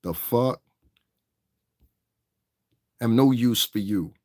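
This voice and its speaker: A man's voice: mid-range voice, extremely slow, warm tone, no room sound, studio quality. A man hosting a livestream, ranting angrily and combatively with heavy profanity. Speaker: livestream host. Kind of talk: casual livestream rant.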